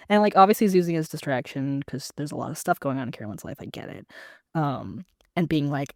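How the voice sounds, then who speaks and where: A podcast co-host chatting casually, sarcastic, acting out scenes from a show in quick voices. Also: mid-range voice, animated, no echo, studio quality. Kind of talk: casual chat.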